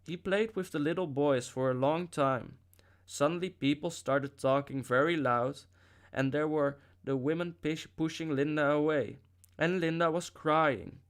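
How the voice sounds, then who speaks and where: Slightly high-voiced and a bit slow, a man works through a novel as an audiobook narrator, holding a steady storytelling tone despite occasional slips.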